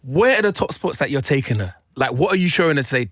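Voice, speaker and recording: A man's voice: on the high side, expressive, fast talker, fairly bright tone, breathy edge, no echo, studio quality. A man hosting a radio interview, chatty and upbeat as he asks questions. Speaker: radio host. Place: radio studio.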